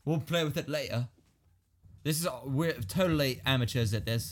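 A man's voice: mid-range voice, moderate pace, a little hiss or hum. A young man hosting a casual chat with a friend, laughing often and swearing freely. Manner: laughing, crude, swearing, lively and lilting. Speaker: podcast host.

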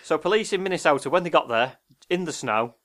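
Male co-host, slightly high voice, rambling and halting, casual chat. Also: lively intonation, fairly bright tone. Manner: rambling, hesitant, looks things up as he talks.

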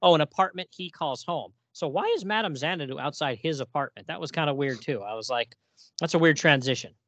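A man casually recapping a comic story on a podcast. He laughs often and reads the characters' lines in quick put-on voices. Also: fairly high pitch, fairly bright tone, dry recording. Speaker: podcast co-host.

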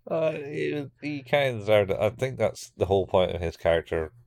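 A man's voice: on the low side, sing-song, a little fast, vocal fry, a little mellow, no room sound. A man co-hosting a podcast, casually recapping an anime and acting out lines in raised voices. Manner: rambling, acts out quotes in raised voices. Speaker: podcast co-host.

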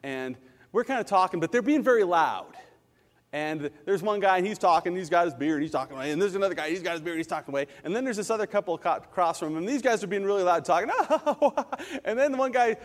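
A middle-aged male pastor preaches in an animated, joking storyteller's way. His voice sits a little high for a man and carries the long reverb of a church sanctuary. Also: fast. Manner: animated, jokey storytelling with laughs and asides. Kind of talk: sermon with personal stories.

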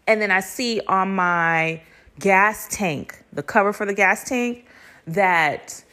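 A young woman hosting a podcast, telling a story in a casual, animated way, cursing freely and laughing between lines. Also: medium pitch, takes it slowly. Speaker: podcast host.

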